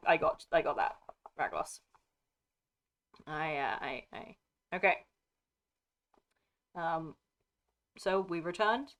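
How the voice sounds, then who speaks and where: Her voice is low-pitched with a fairly bright tone. She's a streamer with a British received pronunciation accent, chatting loosely with live viewers, drifting around, stopping mid-sentence, and laughing frequently.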